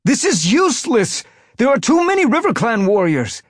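Man doing a yowling tomcat warrior, urgent, raised high, husky. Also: big pitch swings, moderate pace, no echo, studio quality, full character voice.

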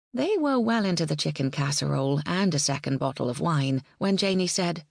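Casting: woman narrator, low pitch, dry close recording. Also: big pitch swings, moderate pace, vocal fry, husky, dry recording. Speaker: audiobook narrator. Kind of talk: scripted narration.

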